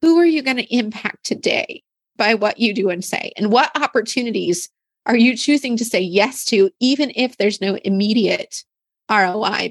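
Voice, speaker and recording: Heard with no room sound, a medium-pitched woman hosts a podcast about faith and business. She talks sincerely and heartfelt, often starting her sentences over.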